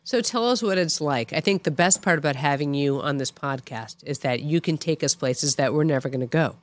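A woman's voice: low-pitched, fairly quick. A woman co-hosting a podcast, asking eager, playful questions in casual chat. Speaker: podcast co-host.

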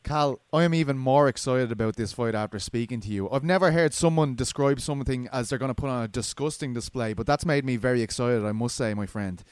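Casting: quick, chatty man hosting a sports show, dry close mic. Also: mid-range voice, smooth, no echo. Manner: chatty, laughs easily. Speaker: podcast host. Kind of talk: casual chat.

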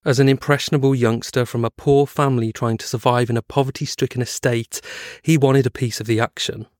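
A man's voice: medium pitch, steady tone, a little fast, a little mellow, no echo, studio quality. A man co-hosting a podcast, reading a prepared true-crime script and breaking off for casual chat. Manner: reads prepared script, then chats with hedging fillers. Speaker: podcast co-host.

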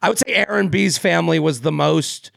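Casual male podcast co-host, gravelly and a bit high, rambling, dry close mic. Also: fairly quick, fairly bright tone, dry recording. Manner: rambling, many fillers and restarts, laughs often. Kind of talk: casual chat.

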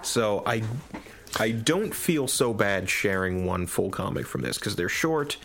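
A man co-hosting a podcast in casual chat, retelling a story with animated enthusiasm. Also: fairly low pitch, a little slow, gravelly. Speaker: podcast co-host.

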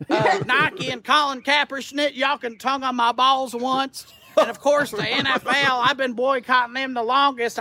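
A man's voice: very high voice, gravelly, pushed and bright, no echo, pitched above the performer's own voice, full character voice. A man playing a boastful redneck who boycotts a beer brand, with a Hoosier twang and a brash, crude, blustering delivery in a comedy sketch video.

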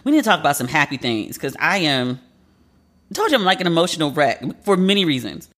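A man's voice: a little high, very animated, fast, a bit bright. A man, a journalist, hosting a casual monologue podcast, chatty and emotional, filling his talk with "like". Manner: chatty and emotional, heavy use of "like".

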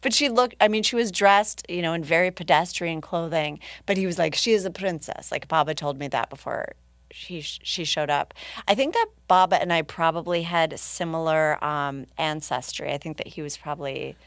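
Woman, lowish voice, dry close sound, chatty storyteller, laughs a lot. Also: normal speed, no echo. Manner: animated, laughing, acts out other people's lines. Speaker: podcast guest. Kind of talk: casual storytelling.

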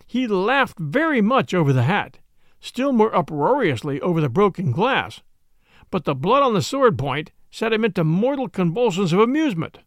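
Man reading a story aloud, high voice, bouncy pitch, very dry close mic. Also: moderate pace, no room sound. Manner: expressive storytelling reader. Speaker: audiobook narrator. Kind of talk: scripted narration.

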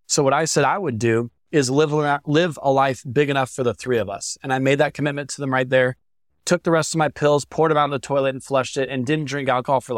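A young man speaks as a podcast guest, candid and heartfelt as he tells a painful story. His voice sits at an ordinary pitch and the recording is dry and close, with no room sound. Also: no echo. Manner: earnest, heartfelt, emotional at times.

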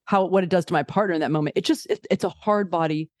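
Brief: woman therapist, podcast guest, lively chat, dry mic. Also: fairly low pitch, fast talker, no room sound. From California. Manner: animated, acts out inner voices.

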